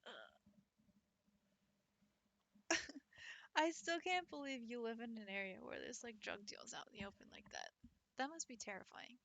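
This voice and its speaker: A woman's voice: fairly high pitch, wildly swooping pitch, measured pace, vocal fry, pauses often, a bit bright. A young woman, a French teacher, chatting casually with her stream viewers, talking loosely with many "likes" and laughing often.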